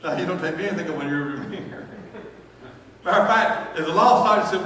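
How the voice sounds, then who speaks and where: A pastor preaches with animated swings between loud bursts and soft asides, his voice high and bright. He is caught from across the room, so his words ring through a long, echoing church hall with a faint hum of the room behind. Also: a little fast. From North Carolina, US. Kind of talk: sermon. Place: church sanctuary. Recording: echoey church hall, from far off.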